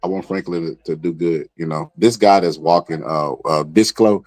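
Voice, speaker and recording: A man's voice: low-pitched, normal speed, darkish tone, dry recording. A man hosting a live stream, giving blunt, mocking casual commentary on a boxing broadcast. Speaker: livestream host reacting to a boxing broadcast.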